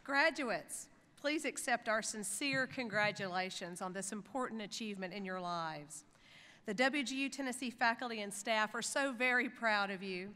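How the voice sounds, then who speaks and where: A woman delivers a formal commencement speech from a podium, her voice bright and forceful. The sound comes through a PA system and carries a long reverb across a large hotel ballroom. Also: mid-range voice. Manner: formal, encouraging, turns lively and playful with the crowd. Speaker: university chancellor addressing graduates.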